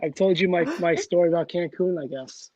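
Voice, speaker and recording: A man's voice: sits high, a little fast, dark tone. A man chatting on a podcast as a comic book creator, giggling and protesting a lot. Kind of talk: casual podcast chat. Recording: dull lo-fi mic.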